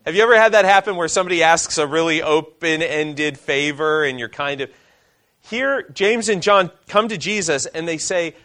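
A male pastor preaching a sermon, reading scripture aloud and asking the congregation questions, slowing down for emphasis. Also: on the high side, expressive, fairly bright tone.

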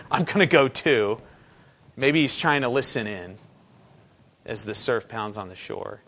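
A man's voice: mid-range voice, a bit bright. A pastor preaching a sermon, asking his congregation questions and putting scripture into everyday language. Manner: conversational preaching with paraphrased asides.

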